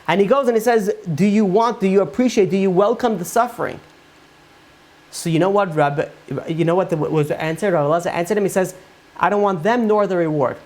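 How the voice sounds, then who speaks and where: Rabbi retelling Talmud stories casually. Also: male voice, high-pitched, fairly quick, a little mellow. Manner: casual and conversational, many fillers like "you know".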